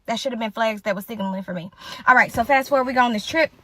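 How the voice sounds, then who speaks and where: A woman's voice: fairly high pitch, rapid-fire, sharp tone. A woman in her late twenties hosting a casual storytime monologue, chatty and talking straight to her viewers. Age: late 20s. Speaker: storytime host.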